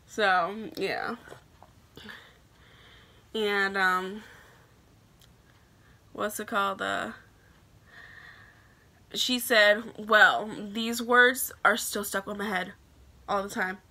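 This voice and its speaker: A young woman from Illinois telling a story to her camera in a chatty, animated way, full of "like" fillers. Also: medium pitch, drawn-out words, long pauses.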